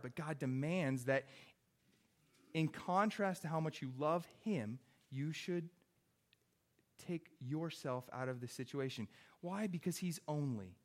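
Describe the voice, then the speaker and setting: A man's voice: a little high, lively intonation, a little slow. A young adult man, a pastor, preaching a sermon in an earnest, conversational way with wry asides.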